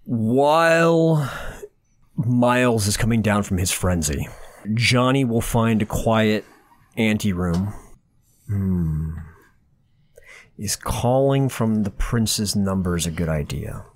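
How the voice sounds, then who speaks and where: A man's voice: on the low side, animated, slow pace, long pauses. Man casually playing a tabletop game. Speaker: player.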